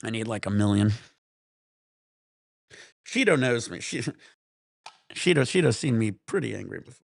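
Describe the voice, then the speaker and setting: Gravelly man ranting on a stream. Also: fairly low pitch, normal speed, pauses often, dry recording. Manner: profane, animated ranting. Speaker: livestream host. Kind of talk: casual storytelling to stream chat.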